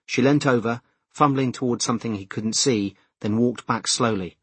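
A man narrating a novel in a calm, measured read with a husky, breathy grain. He speaks close to the mic in a dry, dead studio with no room sound. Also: medium pitch, dry recording. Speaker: audiobook narrator. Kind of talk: scripted narration.

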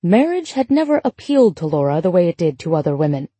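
A woman reading a novel aloud in a measured, even storytelling voice. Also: lowish voice, slightly rough, no room sound. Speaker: audiobook narrator. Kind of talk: scripted narration.

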